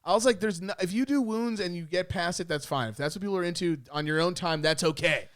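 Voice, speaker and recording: A young man from Puerto Rico spins a long, profane story for his podcast, his voice sitting fairly high. He talks in casual chat and keeps acting out the quotes. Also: fast talker, a bit bright. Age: young adult. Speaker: podcast co-host.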